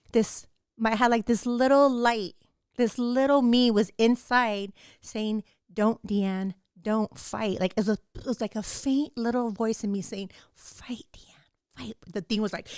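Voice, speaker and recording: A woman's voice: fairly high pitch, a little mellow, clean tone, no echo, clean studio sound. A woman in her thirties hosting a podcast, telling a personal story intensely, peppered with "like" and cursing. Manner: intense, repeats "like" constantly, swears freely. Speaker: podcast host.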